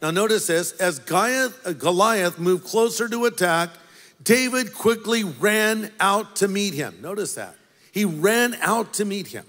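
A man's voice: high-pitched, animated, a little slow, a bit bright, faint music behind. A man preaching a sermon as pastor, telling a story with playful asides to the congregation. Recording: long hall reverb.

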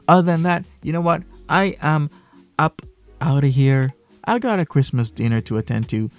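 A man's voice: medium pitch, gravelly, darkish tone. A man hosting a reaction commentary video, mocking and full of rhetorical questions. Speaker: commentary YouTuber.

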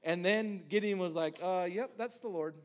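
Male pastor, high voice, chatty sermon delivery with restarts and acted-out quotes. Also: normal speed. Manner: conversational, restarts words, acts out scripture lines.

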